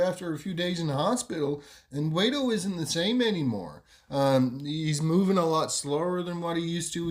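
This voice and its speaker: A man hosting a podcast, telling a story casually and rambling with lots of fillers. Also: on the high side. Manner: rambling, many fillers and "you know". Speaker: podcast host.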